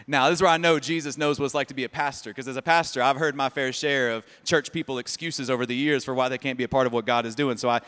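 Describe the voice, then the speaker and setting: A male pastor preaching a lively sermon, joking and sarcastic, often repeating words. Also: medium pitch. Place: church sanctuary. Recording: long reverb of a church hall.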